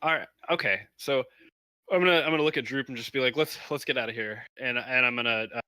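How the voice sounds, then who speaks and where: A man's voice: medium pitch, quick pace, sharp tone, smooth, no echo, rough recording. A man playing a tabletop game, speaking hesitantly with many fillers. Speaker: player.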